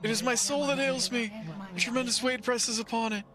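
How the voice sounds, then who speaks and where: A man voicing a frail, fretful old male gardener in a video game, speaking slowly and mournfully. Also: extremely high pitch, steady tone, voice pushed up.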